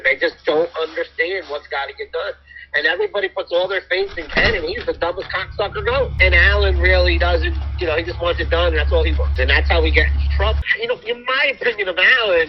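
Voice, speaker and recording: A man's voice: high-pitched, lo-fi sound, slight background noise. A man ranting angrily in private, swearing heavily as he vents. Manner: angry, profane, fast venting. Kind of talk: heated private rant.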